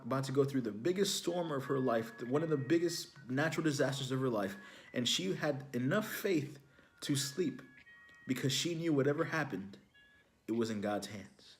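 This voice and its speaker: A man's voice: mid-range voice, normal speed, pauses often, soft background music. A young man from Houston giving an inspirational testimony message, telling a story casually with fillers like "you know, like". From Houston, Texas, USA. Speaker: ministry speaker.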